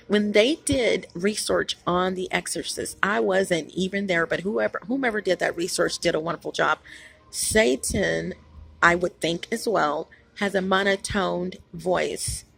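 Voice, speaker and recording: A woman's voice: mid-range voice, gravelly, fairly bright tone, breathy edge. A woman hosting her own channel, talking in a rambling, emphatic vlog monologue with many restarts, tired after being up all night. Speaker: channel host.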